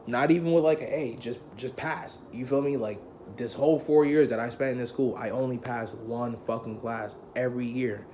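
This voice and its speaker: A man's voice: medium pitch, normal speed, few pauses, a little hiss or hum. Slangy, profane young man telling a story. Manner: heavy profanity, slangy, loose and conversational; animated, acts out quoted people. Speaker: vlogger telling a personal story. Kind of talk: casual storytelling.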